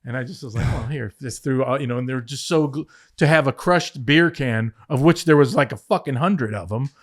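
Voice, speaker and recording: Guesting on a podcast, a man who used to be head writer for a wrestling show shares backstage tales in a fairly quick, medium-pitched voice. The chat is casual and lively, loaded with profanity and quotes he performs as he goes.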